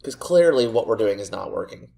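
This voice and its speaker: A man's voice: fairly low pitch, animated, brisk, creaky, dark tone. A man commentating as he plays a football management game, sarcastic and exasperated, often ranting at his own team. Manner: sarcastic, exasperated self-mocking rants. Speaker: gaming video creator. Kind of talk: let's play commentary.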